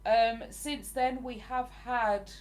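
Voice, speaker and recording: Her voice is fairly high with fairly even intonation, and she takes her time speaking. She's an English woman in her forties who hosts a livestream, chatting casually with viewers and responding to what they comment.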